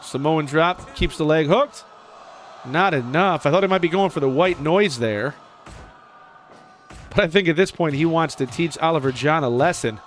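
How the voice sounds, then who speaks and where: A man giving casual play-by-play commentary over a video game wrestling match, excitable, jumping up in pitch on the big moves. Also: normal speed, soft background music.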